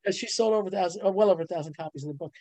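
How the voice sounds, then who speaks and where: A middle-aged woman, a publisher and ghostwriter, telling stories as an interview guest, laughing often and jumping up in pitch on her punchlines. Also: rapid-fire, darkish tone, dry recording. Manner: bubbly storyteller, laughs often, voice jumps up on punchlines. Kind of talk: animated casual interview talk.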